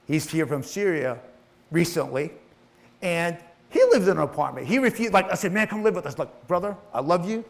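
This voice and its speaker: A middle-aged man, his voice a little high with lively intonation and a moderate pace, shares his life story as a motivational talk. He curses freely, gets emotional, and acts out the people involved.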